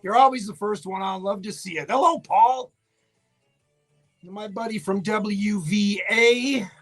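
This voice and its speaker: Newfoundland male radio host, laryngitis-raspy and husky, greeting viewers on a casual live stream. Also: sits high, a little slow, faint music behind. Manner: chatty, greets viewers by name. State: hoarse from laryngitis. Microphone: webcam setup for live video.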